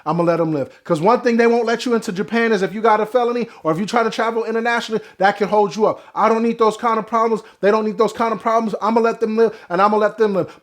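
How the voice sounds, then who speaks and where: A young man giving a loud, brash, profane comedic rant to camera. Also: high-pitched, fast, few pauses. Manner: loud, brash and profane, with sudden swings in volume. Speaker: vlogger.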